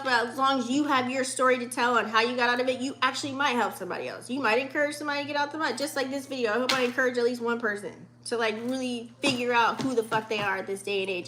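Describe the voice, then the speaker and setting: A woman's voice: on the high side, noisy background. A woman in her late thirties giving a casual, profane, heartfelt pep talk in a spiritual vlog, with many fillers. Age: 30s. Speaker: vlogger.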